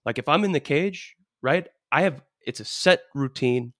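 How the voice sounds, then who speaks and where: A man's voice: fairly high pitch, expressive, normal speed, a bit bright, dry recording, studio quality. A man co-hosting a podcast, giving emphatic advice full of rhetorical questions and "dude.". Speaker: podcast co-host. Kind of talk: casual coaching advice chat.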